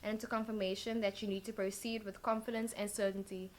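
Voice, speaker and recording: A woman's voice: medium pitch, level tone, quick pace, slight background noise. A woman giving a casual tarot reading, rambling and thinking aloud with lots of fillers. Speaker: tarot card reader.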